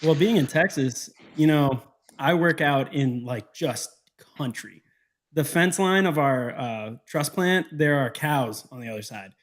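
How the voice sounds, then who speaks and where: A man co-hosting a casual chat over a video call, trading teasing, quick banter. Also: a little high. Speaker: co-host.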